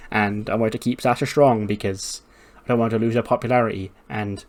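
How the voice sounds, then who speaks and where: A man's voice: lowish voice, fairly even intonation, normal speed, a little mellow. Casual male let's-play narrator, swears, chuckles. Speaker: gaming YouTuber.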